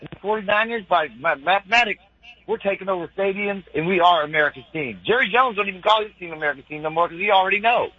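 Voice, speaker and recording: Fast, excitable slangy male radio caller. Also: high voice, breathy edge, lo-fi sound. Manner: excitable, slangy, rambling with lots of "bro" and "like". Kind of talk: casual call-in chat.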